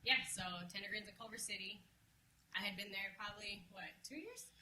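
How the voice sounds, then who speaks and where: A woman talks casually as an interview guest, loose and laughing, with a swear here and there. Her voice rings in an echoey room, and a clear background noise sits under it. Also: mid-range voice, brisk, sharp tone. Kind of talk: casual chat.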